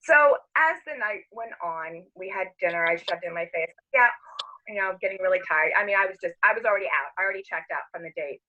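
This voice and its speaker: A middle-aged woman telling a story casually among friends, animated, laughing and acting out the quotes. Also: on the low side, quick pace, hardly any pauses, dull audio.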